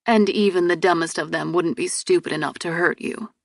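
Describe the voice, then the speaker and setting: A woman reading an audiobook and voicing a kind, protective man who speaks in a low, measured, reassuring way. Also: vocal fry, no echo, clean studio sound.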